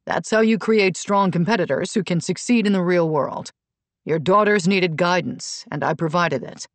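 A woman narrating an audiobook voices a smooth, controlling male personal trainer who talks calmly and patronizingly. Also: on the low side, moderate pace, no echo, close to an everyday voice. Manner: calm, soothing, condescending.

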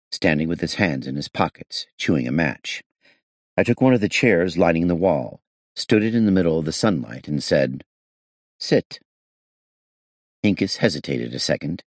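A man reading a detective novel aloud as an audiobook narrator, shifting his pitch to voice the characters. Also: a little mellow, no room sound, studio quality.

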